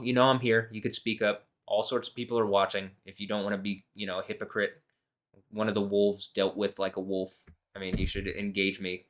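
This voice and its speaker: A man reads scripture verses aloud slowly, then breaks into rambling, profane commentary. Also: on the low side, fairly bright tone. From United States. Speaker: host.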